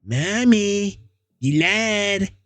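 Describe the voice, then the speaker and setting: A man's voice: high-pitched, lively intonation, drawn-out words, fairly bright tone, no echo, pitched above the performer's own voice, heavily acted. A man voicing an insane young boy who speaks in a sweet, childlike, sing-song way. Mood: creepy innocent. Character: creepy cheerful boy gone insane.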